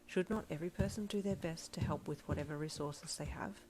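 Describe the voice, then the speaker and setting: A woman's voice: low voice, a little fast, darkish tone, natural voice. A woman voicing an earnest, formal young man.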